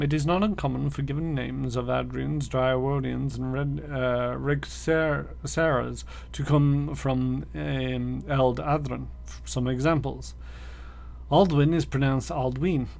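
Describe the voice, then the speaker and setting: A man's voice: medium pitch, creaky. A man streaming a role-playing game, reading its text aloud, stumbling over words and mocking himself.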